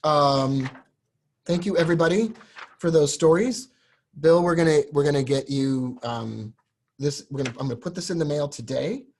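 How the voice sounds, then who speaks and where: A man hosting a live stream, pitching a course with earnest, emotional directness to viewers. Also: a little fast, a little mellow, a little hiss or hum. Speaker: host selling a trading course.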